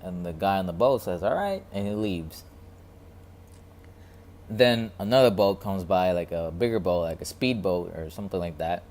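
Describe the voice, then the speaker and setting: A man with a very low voice muses in a casual, reflective vlog, halting and repeating himself as he searches for words. A faint noise hums behind him. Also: darkish tone. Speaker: vlogger.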